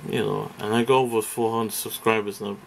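A man's voice: on the low side, flat delivery, brisk, gravelly, a little hiss or hum. A man from Britain ranting in a casual vlog, profane and rambling, hesitating often. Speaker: vlogger. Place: indoors, face off camera.

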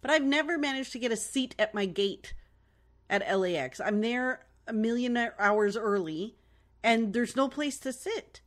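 A woman's voice: a little high, expressive, moderate pace. A woman co-hosting a podcast in casual chat, chatty and self-mocking, laughing easily. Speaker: podcast co-host.

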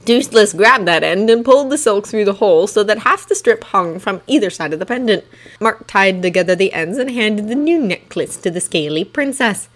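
A woman reading a fanfiction story aloud in steady storytelling narration. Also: medium pitch, normal speed. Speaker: fanfiction reader. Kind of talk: audiobook narration.

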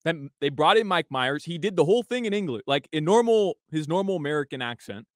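Male radio regular, chatty storyteller, lively pitch, dry studio mic. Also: fairly quick, dry recording. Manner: chatty storyteller, laughs often. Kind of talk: casual radio banter.

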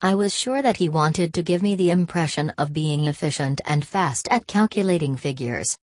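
A woman with a low voice reads a first-person story aloud in a steady, even way. The recording is dry and close, with no room sound. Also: normal speed, hardly any pauses, no echo. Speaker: audiobook narrator. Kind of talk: scripted first-person narration.

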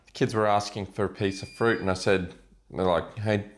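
A middle-aged man and father telling dad jokes deadpan, groaning at them himself. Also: sits low, fairly quick. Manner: self-deprecating, groaning at his own jokes.

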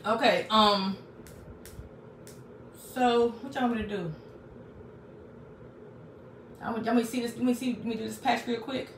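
A woman's voice: on the high side, moderate pace, long pauses, distant mic. A chatty woman hosts a live crafting stream from a small craft room at home, talking straight to her viewers. Her voice sounds roomy and set back from the mic, with a faint hum of background noise. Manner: chatty, talks straight to viewers, reads out comments. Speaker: crafting livestream host.

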